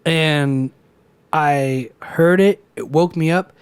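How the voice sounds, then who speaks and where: A young man with a slightly higher voice, chatting on a casual podcast. He rambles through a story, swears freely and acts out the people he quotes. The sound is close and dry. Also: takes it slowly, clear, resonant tone, no echo. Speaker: podcast co-host. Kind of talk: casual chat.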